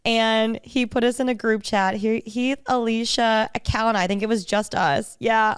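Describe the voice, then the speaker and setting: A woman co-hosting a podcast, telling a story in an animated, gushing way. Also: on the high side, normal speed, clear, resonant tone, no room sound, clean studio sound. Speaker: podcast co-host. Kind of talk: casual chat.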